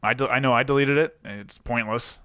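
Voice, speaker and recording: A man's voice: mid-range voice, a little fast, pushed and bright, dry recording, studio quality. Laid-back joking male host. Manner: laid-back, joking, talks in fits and starts. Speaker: podcast host. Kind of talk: casual car chat.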